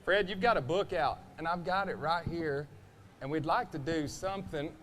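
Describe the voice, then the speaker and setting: A man's voice: fairly high pitch, moderate pace, a bit bright, slight background noise. A man hosting a casual live Q&A on an event stage, full of easy "right, sure" affirmations. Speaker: stage host interviewing rodeo athletes.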